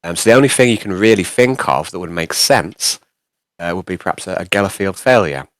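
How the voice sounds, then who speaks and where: Low-voiced man running a tabletop game. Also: expressive, a little fast, a bit bright, dry recording. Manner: hesitant, lots of ums and restarts. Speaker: game master.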